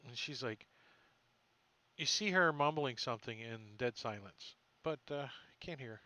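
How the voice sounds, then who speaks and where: Casting note: male dungeon master, unhurried and offhand, with a bright, forceful voice. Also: medium pitch, animated, a little hiss or hum, poor audio. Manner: slow, offhand, thinking aloud while moving tokens. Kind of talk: narrating a tabletop game online.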